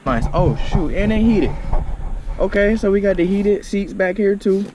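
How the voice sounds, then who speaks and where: A man doing a casual car walkaround for his vlog, excitable and slangy, talking straight to viewers. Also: high-pitched, moderate pace, a little hiss or hum. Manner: loose, slangy, excitable, talks to viewers as y'all. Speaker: car vlogger. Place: indoor car dealership showroom. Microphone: handheld camera with small on-camera mic.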